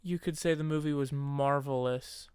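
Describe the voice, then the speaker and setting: A man's voice: mid-range voice, steady tone, normal speed, darkish tone, smooth, no room sound, studio quality. A man co-hosting a podcast in casual chat, laughing often and acting out movie lines. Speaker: podcast co-host.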